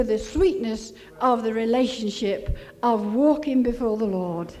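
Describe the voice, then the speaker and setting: An older woman, preaching a testimony sermon, rambling and halting, then rising to fervent exclamations. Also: fairly high pitch, warm tone. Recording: long hall reverb.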